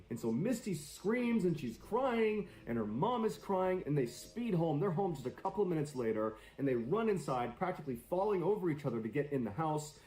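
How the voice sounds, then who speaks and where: A man's voice: a little high, darkish tone, roomy sound, poor audio. A man telling suspenseful stories on a live stream in a dramatic storyteller's delivery.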